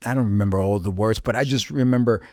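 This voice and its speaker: A man, a pastor, recounting a personal testimony in a casual interview, lively, acting out the voices of people in the story. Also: lowish voice, fast, no echo, studio quality. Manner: animated storyteller, voices quoted dialogue. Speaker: pastor, guest.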